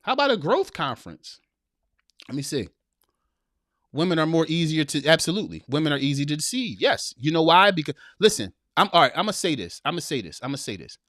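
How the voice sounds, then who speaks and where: Man host, middle-aged, preachy and slangy, slightly high voice, dry close sound. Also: sing-song, a little fast, fairly bright tone, dry recording. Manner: preachy, laughs a lot, drawls with slang. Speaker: podcast host reading live chat. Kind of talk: casual live-stream commentary.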